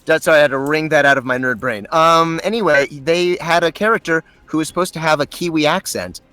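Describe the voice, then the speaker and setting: Bright-voiced man telling a story. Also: on the high side, a little fast, no echo. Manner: chatty storyteller, self-deprecating, avoids swearing. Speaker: voice actor guest. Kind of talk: casual podcast chat.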